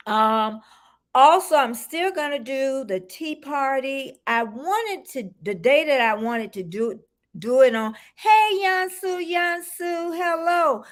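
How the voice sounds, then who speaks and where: Older woman, sixties, slow unhurried talk, slightly high voice, chatty livestream host. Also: animated. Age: 60s. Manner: warm, chatty, greets viewers by name, frequent ums. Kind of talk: casual livestream chat, greeting viewers.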